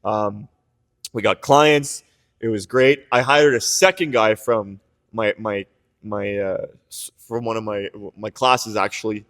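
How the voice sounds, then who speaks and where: A man's voice: lowish voice, steady tone, measured pace, fairly bright tone. A young man from Canada telling his business story in casual podcast chat, rambling and candid, full of restarts, filler words and the odd swear. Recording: reverberant room.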